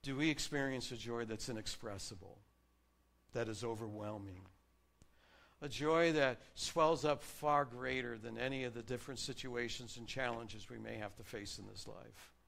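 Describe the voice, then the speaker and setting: A man's voice: medium pitch, normal speed, gravelly. Earnest male preacher. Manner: earnest, varying loudness for emphasis, reads scripture aloud. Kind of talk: sermon.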